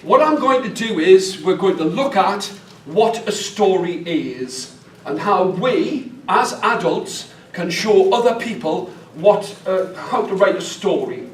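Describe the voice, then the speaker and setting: A storyteller from northeast England leads a live workshop, chatty and playful with his audience in a Northeast English accent. His high voice is animated but unhurried. The room is echoey, the mic sits far off, and there's faint background noise.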